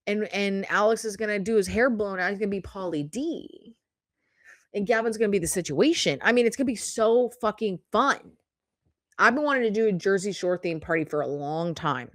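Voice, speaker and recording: A woman's voice: mid-range voice, expressive, brisk, no echo, clean studio sound. A woman in her thirties hosting a podcast, telling stories in a casual, rambling way with plenty of "like" and "um" and frequent swearing. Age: 30s. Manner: chatty, swears freely, lots of "like" and "um". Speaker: podcast host. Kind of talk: casual storytelling monologue.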